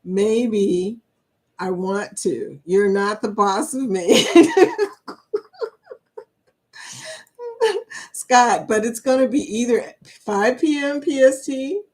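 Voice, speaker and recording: A woman with a medium-pitched voice speaks slowly as she hosts a livestream chat. She reads viewer comments aloud and laughs often.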